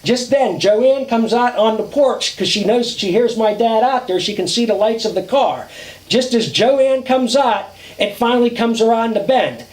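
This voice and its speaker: A man casually telling a ghost story outdoors at a campfire, dramatic and drawn-out, with swearing. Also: very high-pitched, darkish tone, roomy sound, rough recording.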